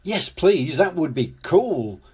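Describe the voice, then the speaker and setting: A man's voice: on the high side, measured pace, husky, pitched above the performer's own voice, heavily acted. Older man doing a starstruck steamroller. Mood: excited. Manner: excited and starstruck. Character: enthusiastic male steamroller, music fan, rumbling.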